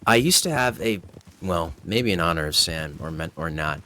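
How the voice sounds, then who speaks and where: A man's voice: low voice, animated, moderate pace, bright, forceful tone, slight background noise. A man chatting in a roleplay stream, giggly and self-deprecating as he tells stories. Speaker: roleplay player. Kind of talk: in-character roleplay chat.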